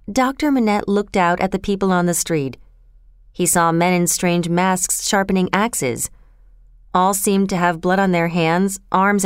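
Woman narrator, smooth resonant voice, dry close sound, measured reading. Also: lowish voice, no room sound. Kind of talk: scripted audiobook narration.

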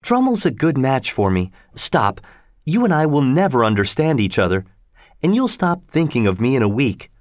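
A man voicing a cold, detached young woman in a storybook reading, speaking in a flat, unfeeling way. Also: mid-range voice, moderate pace, no room sound, clean studio sound, natural voice.

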